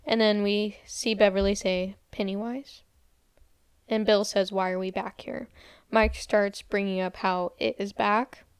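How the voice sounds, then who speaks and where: Unhurried and flat, a young woman's clean, mid-range voice carries a casual podcast recap of a movie. She quotes characters while retelling scenes and peppers her speech with "like." The recording is dry and studio-clean.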